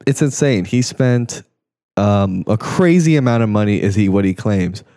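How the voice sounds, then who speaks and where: A man's voice: fairly low pitch, expressive, moderate pace, dark tone, dry recording, clean studio sound. A young man co-hosting a podcast, chatting in a loose, rambling and profane way, often trailing off mid-thought. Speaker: podcast co-host. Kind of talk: casual chat.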